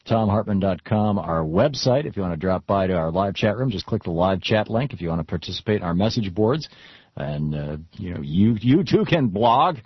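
A man hosting a political talk radio show, animated and stammering with frequent restarts. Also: deep voice, moderate pace, breathy edge, dry recording. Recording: dull radio broadcast sound.

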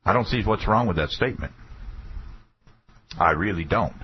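Man, radio host, folksy and sarcastic, lively swings in pitch, muffled lo-fi sound. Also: normal speed, slightly rough. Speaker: radio talk show host. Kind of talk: political talk radio monologue. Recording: dull lo-fi radio broadcast.

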